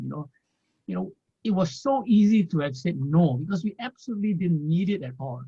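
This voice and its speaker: A man, a former financial planner, telling his story in an interview in a rambling way, filling pauses with "you know" and small laughs. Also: fairly high pitch, lively intonation, creaky, warm tone, slightly rough. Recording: dull lo-fi audio.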